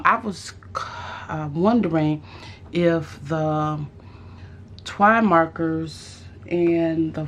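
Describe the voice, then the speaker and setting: Woman, craft vlogger, low and unhurried, thinks aloud, faint room hum. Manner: musing aloud, with fillers and restarts. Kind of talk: casual unboxing chat.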